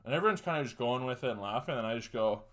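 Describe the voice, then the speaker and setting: A young man tells a story on his solo podcast. His voice sits at an ordinary pitch, and he talks crudely and profanely while chuckling along to his own story. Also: animated, very fast, fairly bright tone. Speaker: podcast host.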